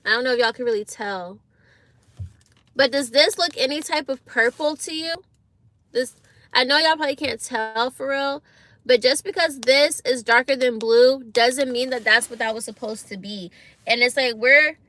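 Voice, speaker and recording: A young woman telling a story to her viewers in a casual vlog, animated and exasperated, using slang and talking straight to camera. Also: high voice, moderate pace. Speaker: vlogger.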